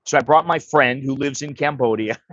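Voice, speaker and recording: A man's voice: mid-range voice, moderate pace, fairly bright tone, dry recording, lo-fi sound. A man hosting a livestream, telling a story in a blunt, profane, casual way. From United States. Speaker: livestream host.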